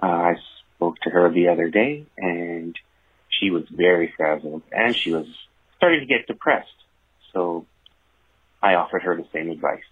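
A man leaving a voicemail as a caller, telling a short secret with wry, deadpan humor over a tinny phone line. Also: sits low, normal speed, long pauses, a little hiss or hum. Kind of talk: voicemail message.

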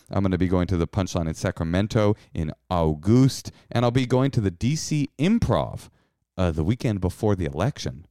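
Low, mellow man reading show plugs. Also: clean tone, dry recording, clean studio sound. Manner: breezy, jokey promo delivery. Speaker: podcast co-host.

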